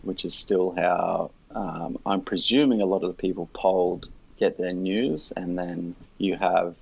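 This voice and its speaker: A man's voice: low-pitched, fairly even intonation, unhurried, creaky, darkish tone, husky, highs cut off. An Australian man, a podcast guest, telling a story in blunt, profane casual chat.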